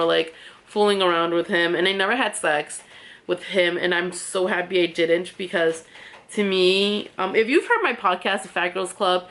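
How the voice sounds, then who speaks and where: A young woman with a slightly low voice talks casually through a get-ready-with-me story time. She is candid and chatty and leans on "like" as she goes. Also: fairly bright tone. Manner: chatty and candid, heavy use of "like" fillers. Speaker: beauty vlogger and podcast host.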